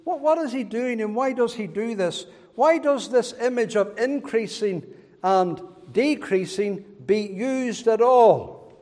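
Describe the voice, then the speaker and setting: A man's voice: high voice, darkish tone, big-room sound. A man preaching a sermon as pastor, with an emphatic, repetitive preaching cadence. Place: church.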